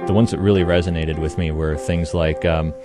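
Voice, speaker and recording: A man's voice: extremely low pitch, steady tone, a little fast, over music. A man recalling personal memories as an interview guest, thoughtful and hesitant, with frequent ums.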